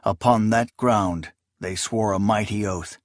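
A man's voice: fairly low pitch, dry recording, studio quality. Man narrating an epic fantasy audiobook. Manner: measured, steady storytelling delivery.

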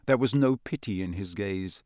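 The narrator is a man whose voice sits on the low side, delivering scripted audiobook narration in a measured, expressive storytelling style. The studio sound is clean and dry.

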